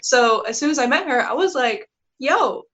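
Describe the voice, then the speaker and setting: A woman's voice: high voice, animated, moderate pace, fairly bright tone. A woman in her twenties, a podcast guest talking in an easygoing, laid-back way. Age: 20s. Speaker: guest cosplayer. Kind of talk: casual chat.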